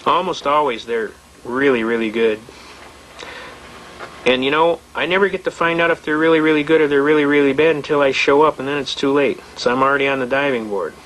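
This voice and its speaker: A seminar speaker on handling your own court case talks briskly in a medium-pitched, slightly bright voice. The recording is low quality, with a little hiss or hum. His lecture is blunt and folksy, packed with stories, frequent restarts, and repetition.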